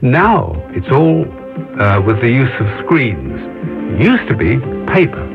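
A man's voice: medium pitch, sing-song, takes it slowly, music in the background. Wry older man recalling radio days. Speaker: former radio presenter. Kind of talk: reminiscing radio chat. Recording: dull muffled radio broadcast.

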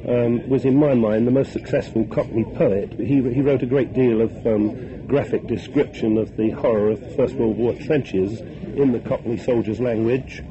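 A man's voice: mid-range voice, steady tone, normal speed. A man from North London, a guest on a live radio interview, talking hesitantly and earnestly with many ums while he has a bad cold. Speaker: radio phone-in guest, poet and author. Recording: dull old radio broadcast with noise.

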